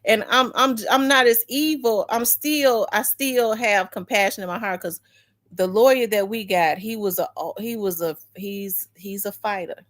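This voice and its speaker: A woman's voice: medium pitch, a little slow. A woman talk show host casually telling a personal family story, acting out her relatives' voices with frank, emotional delivery. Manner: animated, acts out family members' voices.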